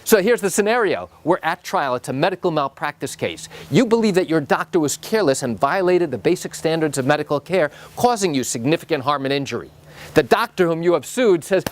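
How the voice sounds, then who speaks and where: A man's voice: lively intonation, brisk. A man who works as an attorney, explaining trial procedure in an emphatic, conversational way and acting out quoted remarks. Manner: emphatic, acts out quotes with raised pitch. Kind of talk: explanatory legal video talk.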